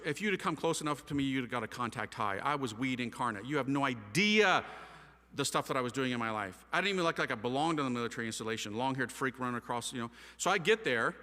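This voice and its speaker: A middle-aged man telling a personal story with lively, self-mocking energy, often acting out other people's voices. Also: mid-range voice. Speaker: speaker telling his conversion story. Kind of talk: animated storytelling talk. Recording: long hall reverb.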